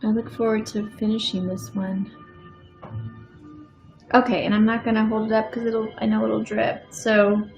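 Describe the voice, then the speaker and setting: Her voice sits on the high side, with vocal fry and a darkish tone, as she streams live from her home studio and paints. She muses aloud slowly, using fillers, and her speech fades to a murmur while she works, all in an echoey room with faint background music.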